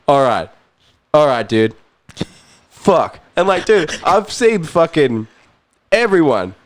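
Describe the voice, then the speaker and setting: A man's voice: on the high side, takes it slowly, no room sound. Laughing New Zealand guy telling a story. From New Zealand, Auckland. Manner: animated, laughs often, swears freely. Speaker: guest musician. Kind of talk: casual storytelling.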